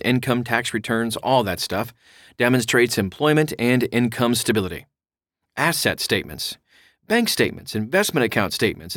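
A man reading a home-loan explainer aloud in a clear, instructive way, with casual asides. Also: mid-range voice, fairly bright tone, dry recording, clean studio sound. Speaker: mortgage explainer.

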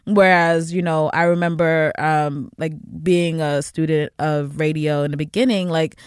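Bronx-raised woman producer, lowish voice. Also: steady tone, unhurried, smooth, no room sound, clean studio sound. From the Bronx, New York. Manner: trained enunciation, lots of "like". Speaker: radio producer. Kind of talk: casual chat.

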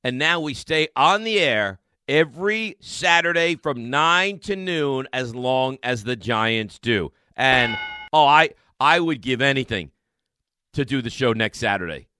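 A man hosting a sports radio show, talking in an emphatic, excitable monologue full of rhetorical questions and repeated lines. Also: mid-range voice, smooth, no echo, studio quality.

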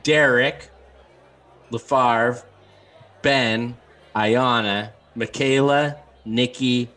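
Slow-talking man reading trivia questions. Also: mid-range voice, steady tone, fairly bright tone. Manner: reads questions aloud, chuckles often. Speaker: podcast quiz host. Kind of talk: casual trivia chat.

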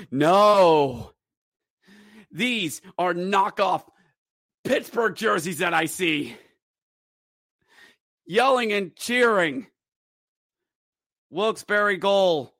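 A man's voice: high-pitched, a bit bright, no room sound, clean studio sound. A man hosting a fan podcast, recapping hockey games in play-by-play style with wry, bitter sports-fan humor. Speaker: podcast host.

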